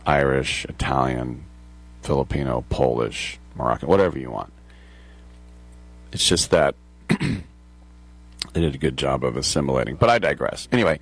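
A man's voice: a bass voice, no echo. An American man in his sixties hosting a sports talk radio show, rambling and joking through digressions. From United States.

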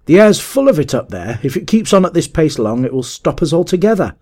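A man reading aloud and voicing a furious male lord on horseback who shouts orders in a rage. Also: on the high side, very animated, brisk, voice pushed up. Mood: vexed.

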